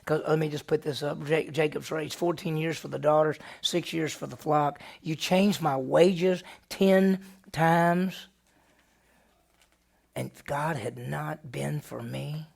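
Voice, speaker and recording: A male pastor leads a Bible lesson with a somewhat high voice and a noticeable gravelly texture. He retells the story with energy and keeps the class involved through rhetorical questions. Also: flat delivery, moderate pace, few pauses.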